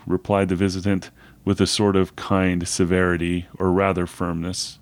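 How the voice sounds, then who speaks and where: Man, deep voice, casual book podcast, reads story passages aloud with feeling. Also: fairly even intonation, moderate pace. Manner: reads passages aloud dramatically, laughs often. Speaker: podcast co-host.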